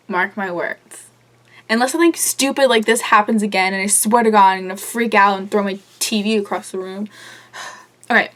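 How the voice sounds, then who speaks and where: Excitable young woman, fan recap. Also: a little high. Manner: gushing, excitable, swears a lot; rambling with many fillers and asides. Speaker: vlogger reviewing a reality show. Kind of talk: casual fan recap vlog.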